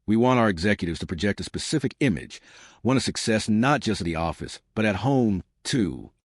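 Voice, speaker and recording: Man voicing a stern middle-aged boss, low, measured, dry close sound. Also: animated, no echo. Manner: measured, pointed.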